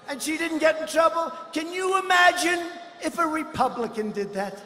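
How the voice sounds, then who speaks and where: A man delivers a campaign rally speech into a podium microphone, wandering from boast to mocking aside. His voice sits high, often pushed up into a shout. It rings through a huge indoor arena with a long tail of reverb and faint crowd murmur behind. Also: normal speed, slight background noise. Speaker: politician at a rally.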